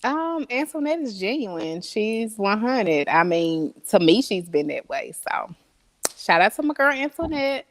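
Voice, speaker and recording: A woman as an interview guest, chatting casually, laughing often and answering slowly with fillers. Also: medium pitch, big pitch swings. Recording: long reverb.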